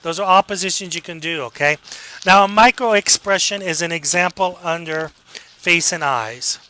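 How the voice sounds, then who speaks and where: A man giving a casual classroom lecture, joking with students, acting out quick examples and checking in with a frequent "okay?". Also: sits high, bright, forceful tone, dry recording, poor audio. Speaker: college lecturer.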